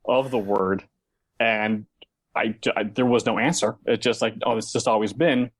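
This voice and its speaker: A man's voice: on the low side, steady tone, normal speed. A man from Northern Virginia co-hosting a comedy podcast, telling a rambling story in casual chat. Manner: rambling, self-interrupting storyteller. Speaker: podcast co-host.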